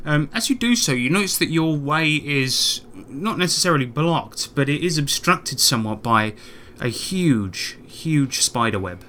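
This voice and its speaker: A man's voice: on the high side, animated, a little slow, bright, forceful tone, slight background noise. A man narrating and running a tabletop role-playing game as game master.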